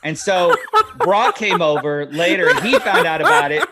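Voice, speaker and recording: Middle-aged male podcast host, slightly high voice, lively storyteller who acts out each line of dialogue. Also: moderate pace, a loud crowd. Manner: animated storyteller acting out dialogue. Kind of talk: casual storytelling chat.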